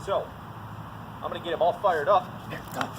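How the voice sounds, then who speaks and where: A man demonstrating dog training outdoors, explaining drills and giving short commands and praise to his dog. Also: moderate pace. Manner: instructive, breaks into high excited praise for the dog. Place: outdoors in a field. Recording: noisy outdoor recording.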